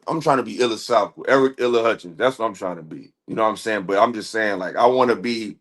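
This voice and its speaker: Low-voiced man with slangy casual talk. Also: fast, hardly any pauses. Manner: loose slangy talk with many fillers. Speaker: livestream host. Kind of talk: casual outro to live stream audience.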